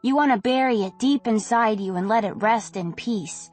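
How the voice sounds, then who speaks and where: A woman reading a novel aloud in the first person, in a gentle, unhurried manner. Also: on the high side, soft background music. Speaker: audiobook narrator. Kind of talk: first-person audiobook narration.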